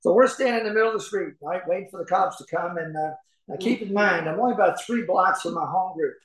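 An older man with a fairly high voice shares his story with a crowded room. He talks in a folksy, chatty way, often laughing, and his voice rings out from a podium mic in a big, echoing hall. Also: quick pace, a bit bright. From Kentucky, USA. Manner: folksy, laughing, conversational with many fillers. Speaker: recovery meeting speaker. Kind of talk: personal story talk to an audience. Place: large meeting hall. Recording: echoey hall recording.

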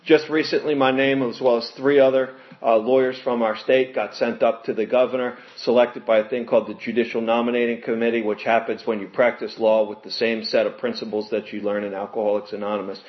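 Male speaker sharing his recovery story, earnest, lively quoting; dull lo-fi sound. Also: mid-range voice, fairly quick, few pauses. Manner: earnest storytelling, animated when quoting others, laughs with audience. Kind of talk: personal testimony talk. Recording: muffled lo-fi recording.

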